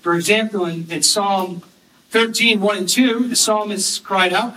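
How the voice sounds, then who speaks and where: A man preaching a sermon, earnestly explaining scripture and reading verses slowly and with emphasis. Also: high-pitched, steady tone, sharp tone. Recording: distant mic with faint background noise.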